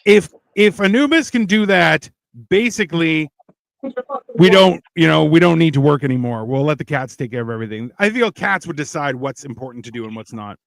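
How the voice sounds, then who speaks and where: A man's voice: fairly high pitch, lively intonation, fairly quick, creaky, no room sound. Wry, laid-back man host, dry close sound. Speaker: podcast host. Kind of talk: casual chat reading live comments.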